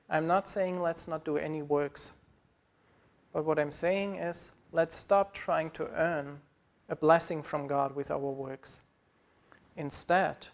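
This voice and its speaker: A man's voice: fairly high pitch, gravelly. A man preaching a sermon as pastor, earnest and pleading, building through repeated phrases.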